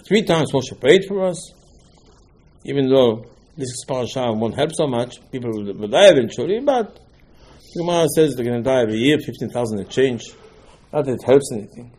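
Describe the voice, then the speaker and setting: Rabbi teaching Talmud, husky mid-range voice, animated lecture full of rhetorical questions. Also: male voice, mid-range voice, fairly quick. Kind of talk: Torah class lecture.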